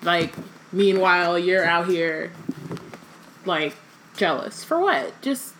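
A woman co-hosting a relaxed book podcast, reading passages aloud between frequent ums and animated asides. Her voice sits fairly low. A faint hiss runs under the recording. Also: slow, poor audio. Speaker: podcast co-host. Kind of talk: casual book-club chat with read-aloud passages.

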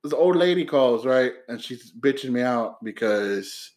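A man's voice: mid-range voice, lively intonation, unhurried, a little mellow. A young man co-hosting a podcast, telling stories in a laid-back way and swearing freely. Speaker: podcast co-host. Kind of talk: casual chat.

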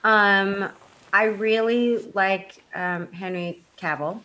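Excitable, teasing woman chatting. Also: medium pitch, takes it slowly. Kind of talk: casual chat.

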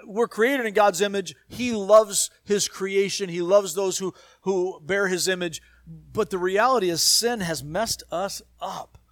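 Brief: male pastor preaching, slightly high voice, close and dry, emphatic repeated phrases with soft asides. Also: no echo. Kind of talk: sermon.

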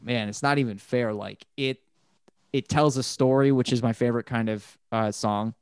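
A man talking casually about music, rambling and swearing, and he gets animated when excited. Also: medium pitch, moderate pace, clean tone, no room sound, studio quality.

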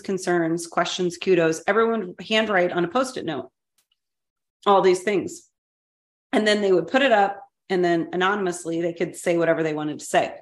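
A woman's voice: lowish voice, roomy sound. A middle-aged woman co-hosting a podcast, telling a story from her working life in a candid, self-deprecating way. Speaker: podcast co-host, former school superintendent. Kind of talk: casual storytelling interview.

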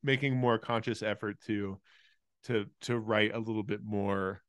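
A man's voice: lowish voice, steady tone, unhurried, clear, resonant tone, dry recording, clean studio sound. A man in his thirties, a guest comedian chatting casually on a podcast in a laid-back, rambling way.

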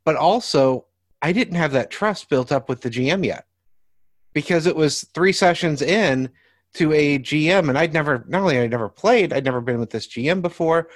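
A man's voice: fairly high pitch, animated, normal speed, no room sound, studio quality. A man who runs tabletop games, chatting casually on a podcast and explaining his approach with examples. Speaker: game master.

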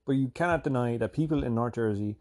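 A man from Ireland with a softened Irish accent, rambling through a casual, profane, self-deprecating vlog monologue. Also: medium pitch, fast talker. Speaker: vlogger.

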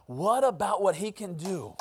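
A man's voice: sits high, very animated, measured pace, a little mellow, husky. A man preaching a sermon as pastor, telling a personal story and acting out the voices in it. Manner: storytelling, acts out quoted voices.

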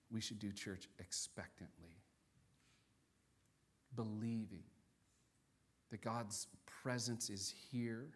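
A man preaching as pastor in a church service, rising to loud, animated peaks and dropping soft for solemn points. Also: fairly low pitch. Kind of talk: sermon. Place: church sanctuary during a service.

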